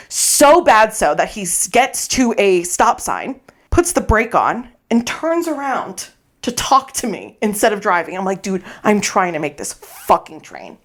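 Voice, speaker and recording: A woman co-hosting a podcast, telling a funny story in casual chat, animated, swearing freely and acting out her own lines. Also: fairly high pitch. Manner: animated, swearing, acts out her own quotes, laughs often. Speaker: podcast co-host. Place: podcast recording space.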